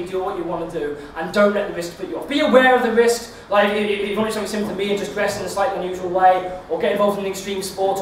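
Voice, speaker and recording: A young-sounding man with a high voice races through a rambling stand-up story, tripping over his own words as he goes. He is miked from a distance in a very echoey club. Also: a little hiss or hum. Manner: rambling deadpan storytelling with stammered restarts. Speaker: stand-up comedian. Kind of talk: stand-up set. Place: comedy club stage.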